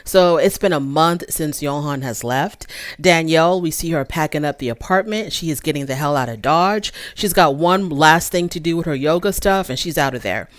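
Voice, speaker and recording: A woman's voice: sits low, normal speed, no room sound, studio quality. A woman hosting a casual recap show, talking in a candid, opinionated and sassy way with frequent asides. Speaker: reality show recap host.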